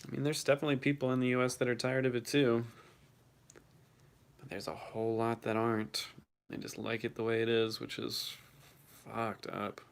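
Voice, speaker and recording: A man's voice: mid-range voice, level tone, normal speed, vocal fry, pauses often. A young man hosting his first livestream, reading chat and reacting casually, swearing now and then, his voice shaking from the cold.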